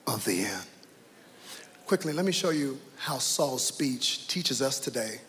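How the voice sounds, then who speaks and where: A man preaching a sermon, dramatic, swinging from hushed to shouting. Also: mid-range voice, a little hiss or hum. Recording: reverberant hall with faint ambience.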